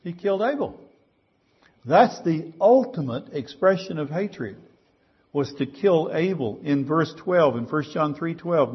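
Man, pastor, sermon, husky tone, conversational preaching, rhetorical questions, muffled recording. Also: on the high side, lively intonation, measured pace.

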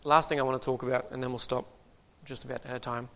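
A man's voice: mid-range voice, flat delivery, fast talker, creaky, a bit bright. A man preaching a sermon in a conversational way, reading scripture and adding joking asides.

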